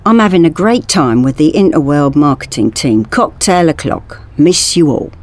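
A woman's voice: deep voice, animated, moderate pace, darkish tone. A woman voicing an anxious, earnest young male store worker who presses his worries urgently. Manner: urgent, insistent.

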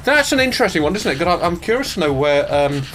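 A man's voice: fairly high pitch, sing-song, fast, a bit bright, slight background noise. An Irish man in casual podcast chat, reading out the news in a distracted, self-mocking way, stumbling over names. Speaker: sound designer reading the news.

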